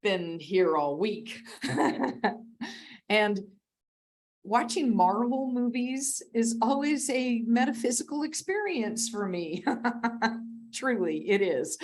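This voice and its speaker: Woman, guest speaker, conversational sermon, slow delivery, self-deprecating, frequent laughter. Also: mid-range voice. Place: church sanctuary.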